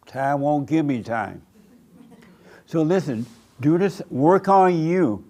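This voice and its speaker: A man's voice: fairly high pitch, animated, takes it slowly, pauses often, mellow. A man preaching a sermon in a church room, blunt and repetitive, with rhetorical questions. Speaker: pastor.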